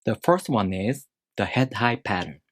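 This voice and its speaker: A man teaching a language lesson, explaining rules step by step in a measured, scripted way. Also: on the low side, expressive, a bit bright, no echo, clean studio sound.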